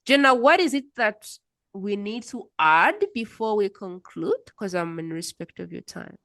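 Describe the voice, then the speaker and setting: A woman's voice: medium pitch, lively intonation, a little slow, bright, forceful tone, no room sound, studio quality. A woman hosting a podcast interview, telling stories in a chatty way and murmuring along as she listens. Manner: chatty storyteller, frequent murmured mm's. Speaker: podcast host. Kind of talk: casual interview chat.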